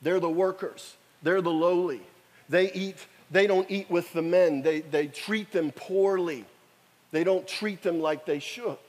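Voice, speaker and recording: A man's voice: high-pitched, a little slow, darkish tone. A man in his fifties preaching a sermon, telling a story with emphatic, repetitive exhortations. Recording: echoey hall reverb.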